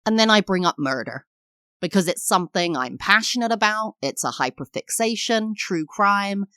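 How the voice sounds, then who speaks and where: A woman in her thirties from England with an English accent, hosting a personal podcast in a candid, reflective way and sometimes acting out lively quoted voices. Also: medium pitch, normal speed, clean tone, dry recording, clean studio sound. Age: 30s. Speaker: podcast host. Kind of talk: personal solo podcast talk.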